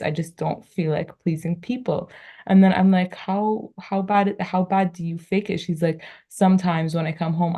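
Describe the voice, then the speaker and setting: Young woman guest, low flat voice with vocal fry, chatty storyteller. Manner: chatty, lots of fillers like "like". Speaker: podcast guest. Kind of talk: casual storytelling.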